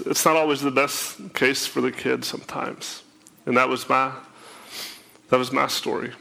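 A man's voice: mid-range voice, vocal fry, bright, forceful tone. A man telling his life story to an audience, emotional and tearful, often repeating words as he speaks. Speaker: speaker sharing his testimony. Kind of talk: personal testimony to an audience.

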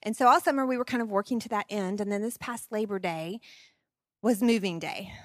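A woman in her forties telling personal stories at a parenting seminar, expressive and laughing often. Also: medium pitch, a little fast, no room sound, clean studio sound. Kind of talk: personal storytelling talk.

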